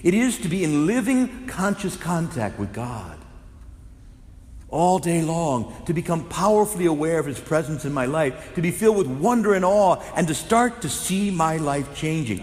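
Impassioned priest preaching in echoing hall. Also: male voice, a little high, sing-song, normal speed. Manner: impassioned preaching, rising to loud fervent exclamations. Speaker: Catholic priest. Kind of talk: sermon. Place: large echoing church. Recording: roomy hall reverb.

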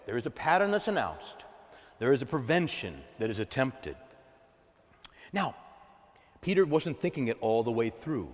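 A man's voice: medium pitch, big pitch swings, moderate pace, long pauses, big-room sound. A man preaching a sermon to his congregation, emphatic with call-and-response.

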